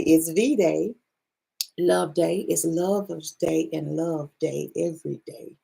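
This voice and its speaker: A woman's voice: low voice, slow pace, gravelly, mellow, husky, rough recording. A woman giving a casual spiritual card reading to her viewers in a loose, salty, chatty way.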